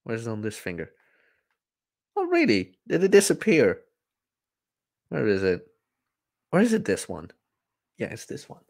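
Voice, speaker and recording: A man's voice: mid-range voice, wildly swooping pitch, unhurried, vocal fry, long pauses, a little mellow. A man hosting a podcast, ranting bluntly and profanely in a casual livestream. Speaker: podcast host.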